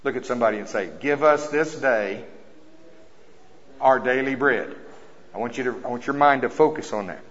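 A man preaching a sermon who reads scripture slowly and forcefully, then explains it in a casual, joking way. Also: medium pitch, slight background noise. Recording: dull sound in a reverberant hall.

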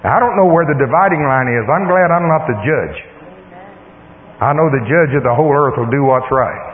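A man's voice: medium pitch, animated, normal speed. A man preaching a sermon, emphatic and folksy, mixing teaching with storytelling. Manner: emphatic, folksy and plain-spoken. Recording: tinny lo-fi tape in echoey hall.

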